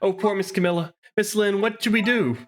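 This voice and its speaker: A man voicing an excitable small male dog in a video game, with an eager, yappy manner. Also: high voice, fairly quick, a little hiss or hum, pitched above the performer's own voice, close to an everyday voice. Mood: worried.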